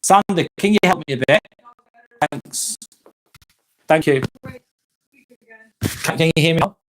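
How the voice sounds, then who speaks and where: Brief: male live-streamer, casual and sweary, reads chat aloud, slightly higher voice. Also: measured pace, a bit bright. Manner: chatty, swears casually, laughs at comments. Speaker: live vlog host reading chat.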